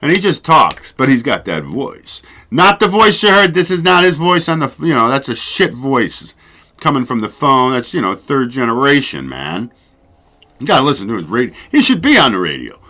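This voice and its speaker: A man's voice: medium pitch, sing-song, moderate pace, pushed and bright. A man hosting his own show, chatting casually and rambling, swearing freely and laughing often. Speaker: show host. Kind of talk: casual solo livestream chat.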